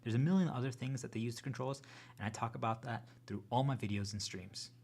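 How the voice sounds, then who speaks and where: A man hosting his own channel, talking to viewers in an earnest, rambling, unscripted monologue full of restarts, sometimes dropping to a hushed whisper. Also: mid-range voice, quick pace, creaky. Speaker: channel host.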